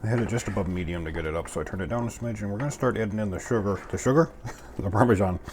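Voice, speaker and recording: A man's voice: fairly low pitch, very fast, background noise. A man hosting a casual cooking video, chatting in a goofy, self-mocking way as he makes a sauce in his home kitchen. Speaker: cooking channel host.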